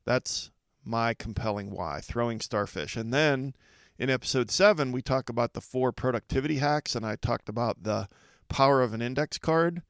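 Earnest man with a gravelly voice. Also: medium pitch, dry recording, clean studio sound. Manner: earnest, reflective, measured delivery with deliberate pauses. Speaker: podcast host. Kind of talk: motivational podcast monologue.

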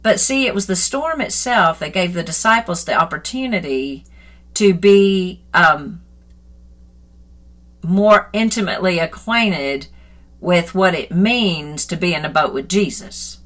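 A middle-aged woman speaks earnestly into a phone, sharing a personal devotional as a Christian author. Her voice is bright and clear, and she moves between quiet reflection and lively, animated retelling. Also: lowish voice, unhurried. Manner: earnest and reflective, grows animated and laughing when retelling a story.

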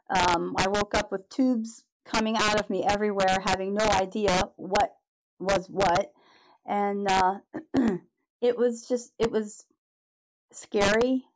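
A woman's voice: mid-range voice, background noise. A middle-aged woman, a podcast guest, telling her personal story in a candid, earnest way and restarting her sentences often.

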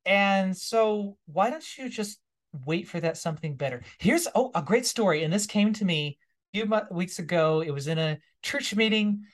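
A man being interviewed as a guest, talking reflectively in a relaxed, storytelling way and laughing now and then. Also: high-pitched, moderate pace. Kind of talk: casual interview conversation.

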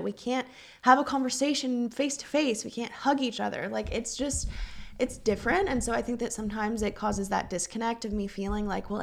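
A woman's voice: a little high, vocal fry. A young adult woman hosting a podcast, talking casually and earnestly, with fillers and a voice that keeps cracking. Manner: earnest, chatty, encouraging, with frequent fillers. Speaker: podcast host and business coach. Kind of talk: casual solo podcast talk.

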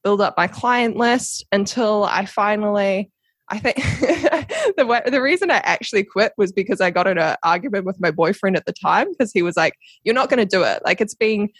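A young woman with a New Zealand accent tells her story as a podcast guest. She talks animatedly, laughs often and acts out what others said. Her voice sits in the middle of the pitch range, and the sound is dry and close. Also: normal speed, fairly bright tone, dry recording. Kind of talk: casual storytelling interview.

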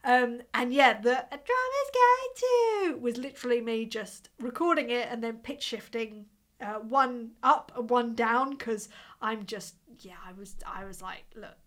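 A woman's voice: a little high, expressive, measured pace. A woman, hosting a casual livestream and chatting as she reads out viewer comments. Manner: chatty, apologetic and rambling, with frequent restarts and laughs. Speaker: livestream host reading chat. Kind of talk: casual chat.

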